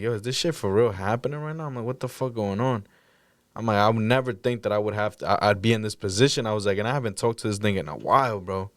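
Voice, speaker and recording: A man with a lowish, smooth and clear voice tells a story casually, swearing freely and acting out the moments when he shouted. His voice is recorded close and dry, with no room sound. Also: dry recording. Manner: blunt, profane, acts out his own shouting. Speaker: podcast guest recounting a crisis.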